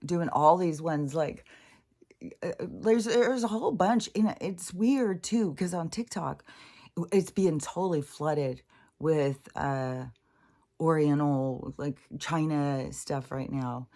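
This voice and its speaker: Low-voiced woman rambling casually. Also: slow pace, warm tone. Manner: swears freely, laughs often, trails off mid-thought. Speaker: spiritual vlogger.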